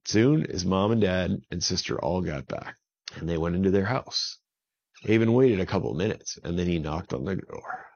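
Guy making up a bedtime story, lively up-and-down voice, dull lo-fi sound. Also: deep voice, normal speed, creaky. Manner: simple repeated phrases, self-corrections. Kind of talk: children's story told off the cuff. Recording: dull lo-fi recording.

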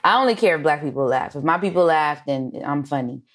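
A woman comedian from Los Angeles, telling stories in a casual interview, animated, swearing freely and acting out quoted lines. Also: deep voice, fast talker. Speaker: comedian and writer, guest.

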